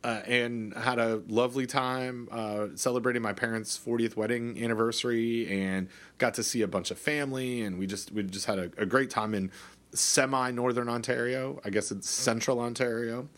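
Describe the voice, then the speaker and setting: A man's voice: mid-range voice, steady tone, normal speed, fairly bright tone. Canadian man rambling on a podcast. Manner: rambling, many restarts and fillers. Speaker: podcast co-host. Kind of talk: casual chat.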